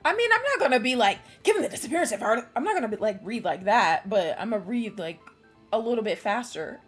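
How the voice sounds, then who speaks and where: A woman's voice: a little high, big pitch swings, brisk, husky. Young woman streamer, casual, nervous chatter full of swearing, faint game music under her voice. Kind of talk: casual live-stream chat.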